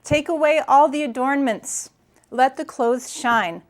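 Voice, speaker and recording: Chatty woman with a higher voice. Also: unhurried. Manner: chatty, playful and emphatic. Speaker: style vlogger. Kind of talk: casual thrift-haul fashion commentary.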